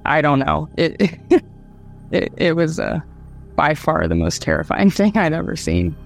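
A woman from Ohio, a guest telling a personal story in a halting way, with many fillers, restarts and nervous laughs. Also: low-pitched, sing-song, creaky, faint music behind. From Dayton, Ohio, USA. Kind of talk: casual storytelling.

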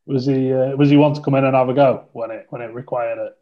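A man hosts a casual podcast interview, asking easygoing questions. His voice sits at a middle pitch. The recording sounds slightly dull and lo-fi. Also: quick pace. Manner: relaxed, laughs along, short prompts. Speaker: podcast host.

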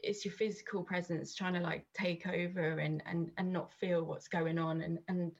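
A woman's voice: on the low side, steady tone, normal speed, vocal fry, slightly rough, lo-fi sound. A woman, chatting casually as a podcast guest, rambling with many restarts and fillers. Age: 30s.

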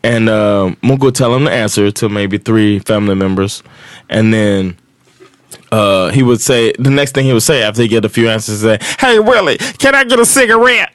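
A man's voice: fairly low pitch, fairly even intonation, normal speed, dry recording. A man from Miami in his forties, a podcast co-host telling a story in a loose, profane way with frequent laughs. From Miami, USA. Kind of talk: casual storytelling.

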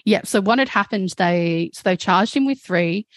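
Speaking as a guest, a woman candidly tells a personal story in a mid-range voice at a moderate pace, with no room sound. She's frank, swears some, and fills her speech with "like" and "um."

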